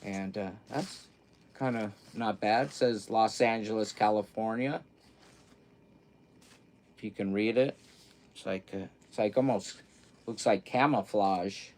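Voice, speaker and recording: A man's voice: lowish voice, a little slow, pauses often, darkish tone. A middle-aged man chatting casually on a livestream, rambling and joking at himself as he unpacks clothes and reads out chat messages. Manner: rambling, loose, self-mocking, reads chat aloud. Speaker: livestream host. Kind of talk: casual live-stream chat, unboxing clothes.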